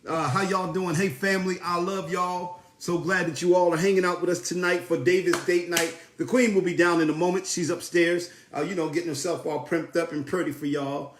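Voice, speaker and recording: A man's voice: high-pitched, fairly even intonation, normal speed, roomy sound. A man from South Jersey hosting a casual livestream, greeting viewers by name in an upbeat, familiar way. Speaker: livestream host.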